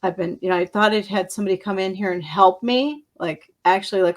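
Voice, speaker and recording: A middle-aged woman hosting an interview, telling stories in a casual, animated way, laughing often and acting out what others said. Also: fairly low pitch, quick pace, hardly any pauses. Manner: animated storyteller, laughs often, acts out quotes. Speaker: podcast host.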